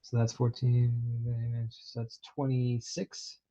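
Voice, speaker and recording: A man's voice: medium pitch, completely flat delivery, slow pace, mellow. A man playing a tabletop game, describing his character's moves loosely and often laughing. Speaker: player. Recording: muffled lo-fi mic.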